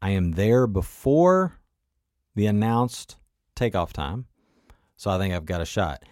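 A man's voice: lowish voice, lively intonation, a little slow, a little mellow, no room sound, clean studio sound. A man telling a personal travel story in a conversational, motivational way, often turning to the listener with asides.

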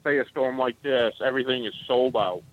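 A man's voice: medium pitch, a little fast. Easygoing male caller on a phone line. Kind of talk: phone-in chat.

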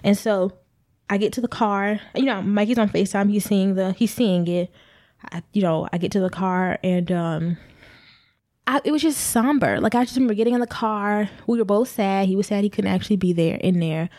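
A woman's voice: mid-range voice, moderate pace, darkish tone, dry recording, studio quality. A young pregnant woman candidly telling a personal story to her viewers, rambling a little and speaking to them directly. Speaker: vlogger.

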